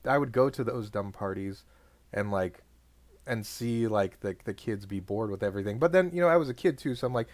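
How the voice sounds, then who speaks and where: A young man co-hosting a podcast, talking casually in a rambling way, full of "like" and quick laughs. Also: on the low side, no room sound. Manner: rambling, lots of "like", laughs often. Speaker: podcast co-host. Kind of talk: casual chat.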